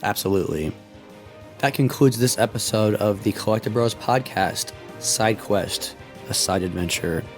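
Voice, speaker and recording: A man with a raspy voice hosting a podcast in casual chat, laid-back and chatty. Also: lowish voice, moderate pace, soft background music. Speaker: podcast host.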